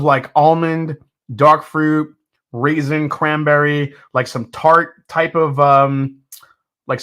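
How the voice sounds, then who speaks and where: A man hosting a live whiskey tasting, talking in a rambling, excitable way with lots of fillers and restarts. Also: fairly high pitch. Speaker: whiskey reviewer, host. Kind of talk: casual live tasting review.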